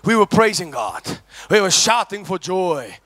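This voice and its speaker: High-voiced shouting preacher. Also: male voice, sing-song, measured pace, dry recording. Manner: shouting, call-and-response preaching. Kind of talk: sermon.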